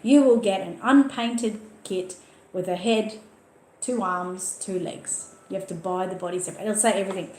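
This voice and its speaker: A woman's voice: mid-range voice, steady tone, moderate pace, darkish tone. Chatty Australian woman in an echoey room. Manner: chatty, emphatic, repeats words for stress. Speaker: channel host answering viewer questions. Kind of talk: casual livestream Q&A chat.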